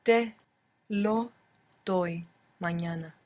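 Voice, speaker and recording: A woman's voice: on the low side, extremely slow, darkish tone. A woman answering as the student in an audio language lesson, careful and thinking aloud.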